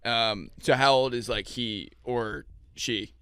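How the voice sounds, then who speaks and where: A man's voice: medium pitch, slow pace, fairly bright tone, smooth, dry recording. A man reading the part of a wary, awkward young man from a dating show in a comic table read, hesitant and laughing.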